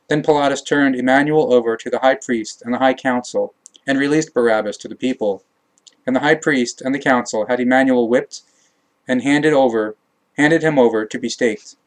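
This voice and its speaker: Measured male audiobook narrator. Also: medium pitch, low-quality recording. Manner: measured reading with occasional self-corrections. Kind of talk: audiobook reading of a religious text.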